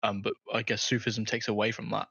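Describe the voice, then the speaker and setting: A man co-hosting a casual podcast over a remote call, talking in a relaxed way and hedging a lot with "like". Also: on the low side, brisk, gravelly, slightly rough, dry recording, lo-fi sound. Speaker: podcast co-host. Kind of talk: casual discussion.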